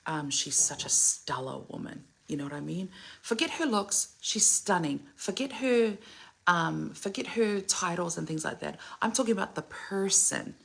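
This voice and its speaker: A middle-aged woman from Samoa chats casually to camera about people she admires. Her voice sits a little low, with a husky, gravelly grain, and she gushes in bursts, leaping up high on exclamations before sinking into hushed asides. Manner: gushing, animated storytelling with sudden high exclamations and whispered asides. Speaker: singer and entertainer vlogger.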